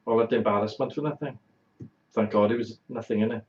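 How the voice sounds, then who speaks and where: A man's voice: on the low side, fairly even intonation, a little fast, a little mellow. Man telling a bawdy tale. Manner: blunt, exaggerating, bawdy storyteller. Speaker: talk show host. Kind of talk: comic anecdote on a live talk show. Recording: roomy, dull lo-fi sound.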